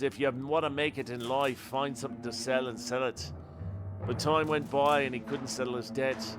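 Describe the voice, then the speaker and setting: A man voicing a menacing male mob boss in a put-on Irish accent, talking in a slow, cold, threatening drawl over game music. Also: mid-range voice, lightly acted. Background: background game music.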